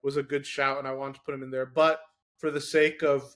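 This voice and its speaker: A man's voice: mid-range voice, flat delivery, brisk, fairly bright tone. A man debating football players on a casual sports podcast, arguing his case with plenty of "like" fillers. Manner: argumentative, lots of "like" fillers. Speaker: podcast co-host.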